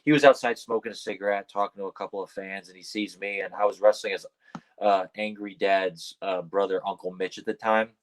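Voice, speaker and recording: A man with a lowish voice rambles through stories as a guest on a casual podcast. He leans on fillers and swears now and then. When he quotes his own startled replies, his voice shoots up. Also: fairly even intonation, fairly quick, rough recording. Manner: acts out quoted lines in a high, startled voice. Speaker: wrestler guest.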